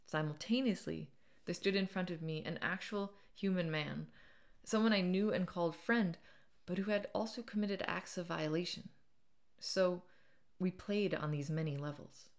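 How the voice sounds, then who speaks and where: A woman reading her own memoir aloud as an audiobook, dramatic, rising loud at times and falling nearly to a whisper. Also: on the low side, normal speed. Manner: dramatic, swells loud and drops to near whisper.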